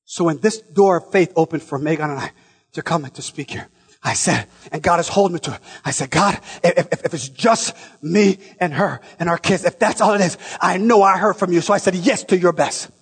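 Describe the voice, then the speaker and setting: Shouting some lines and softening others into asides, a male preacher calls out to his listeners during a passionate sermon. His voice is high and husky, a little fast, and echoes with the long reverb of a big church hall.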